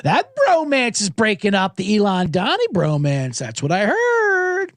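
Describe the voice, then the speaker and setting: Middle-aged male host, high lively ranting voice, sarcastic comic monologue, dry close sound. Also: unhurried, dry recording. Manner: sarcastic, animated, swears freely. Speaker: podcast host. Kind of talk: ranting comedic podcast monologue.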